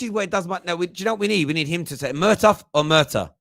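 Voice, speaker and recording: A man's voice: sits high, expressive, fast talker, creaky, few pauses, fairly bright tone, no echo, clean studio sound. Chatty man hosting a phone-in. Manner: chatty, self-mocking, thinks aloud. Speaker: host of a fan phone-in show. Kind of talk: casual live-stream chat.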